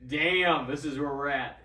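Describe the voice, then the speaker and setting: A man's voice: on the high side, sharp tone. A man hosting a podcast, chatting casually about sports, blunt and swearing often as he grumbles about teams. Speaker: podcast host. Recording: roomy, distant mic.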